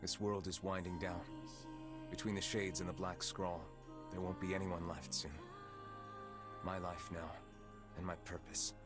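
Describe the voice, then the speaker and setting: A brooding young monster-hunting swordsman from a video game, his voice sitting very low. He talks in short, terse lines, while loud game music swells behind him. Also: little pitch movement, measured pace, long pauses. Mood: grim.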